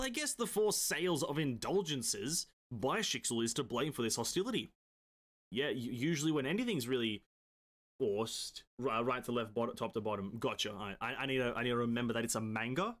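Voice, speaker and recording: A man hosting a gaming video, reading game manga aloud with excitable, profane reactions and stumbling over words. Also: medium pitch.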